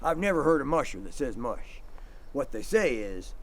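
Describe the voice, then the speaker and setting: Guy teaching kids about sled dogs, voice jumps all over, acts out the yelled commands. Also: medium pitch, normal speed, slight background noise. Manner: animated storyteller, acts out shouted commands. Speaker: dog sledding instructor. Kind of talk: outdoor demonstration for kids.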